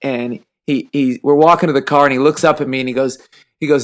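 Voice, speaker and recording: A man in his thirties, a podcast host and high school football coach, chatting casually and acting out dialogue as he tells stories. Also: steady tone, fairly quick. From Texas. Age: 30s. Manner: storytelling, acts out dialogue, laughs while telling.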